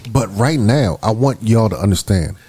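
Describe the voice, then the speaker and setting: A man's voice: fairly low pitch, expressive, moderate pace, warm tone, breathy edge, no echo. A man co-hosting a casual podcast discussion, blunt and profane.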